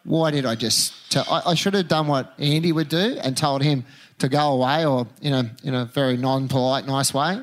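A man's voice: medium pitch, moderate pace. A man hosting a casual chat, telling stories with laughter and swearing. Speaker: podcast host, surfer.

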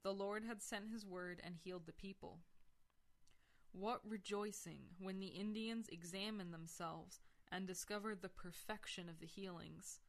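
Woman giving a measured dramatic reading. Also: mid-range voice. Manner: measured, expressive storytelling. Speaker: reader on a religious radio broadcast. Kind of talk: dramatic reading of a missionary account.

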